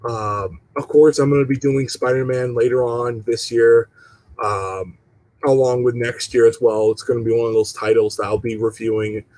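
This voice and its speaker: A young man talking straight to his viewers in a loose, profane rant. His mid-range voice leaps up sharply whenever something annoys him, then settles back into easy chat. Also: moderate pace. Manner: profane, animated, jumps pitch when exasperated. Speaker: channel host.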